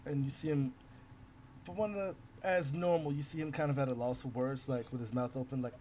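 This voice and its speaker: A man's voice: mid-range voice, steady tone, fairly quick, mellow, a little hiss or hum. A man narrating a tabletop game as game master, in loose, filler-heavy descriptions.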